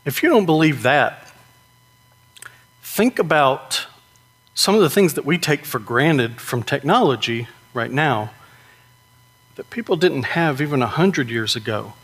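A man preaching a sermon in a conversational way, often asking "right?" and slowing down to stress key points. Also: mid-range voice, expressive, fairly bright tone, breathy edge. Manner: conversational, with frequent rhetorical "right?".

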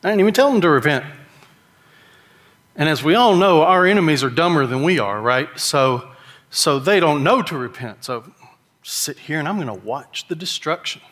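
A man's voice: fairly high pitch, expressive, normal speed, fairly bright tone, big-room sound. A middle-aged man, preaching a sermon in a folksy storytelling way and mimicking characters' whining voices. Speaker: pastor.

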